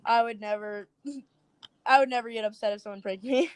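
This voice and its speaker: A woman's voice: fairly high pitch, normal speed, clean tone, dry recording. A young woman telling prank stories on a podcast, giggling often and acting out her friends' lines. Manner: giggly, animated storyteller, acts out friends' lines. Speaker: guest TikTok creator. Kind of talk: casual podcast storytelling.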